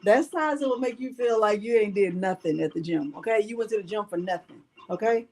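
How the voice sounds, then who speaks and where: A woman's voice: medium pitch, brisk, darkish tone, slight background noise, rough recording. A woman hosting a casual crafting livestream. She talks straight to her viewers in a playful, chatty way and uses dialect speech. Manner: dialect speech, drops verb endings. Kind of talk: casual live crafting chat.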